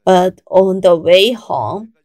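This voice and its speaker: Slow, emphatic woman preaching a sermon. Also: fairly low pitch, a little mellow, no echo. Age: 40s. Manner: slow, emphatic preaching with rising quoted exclamations.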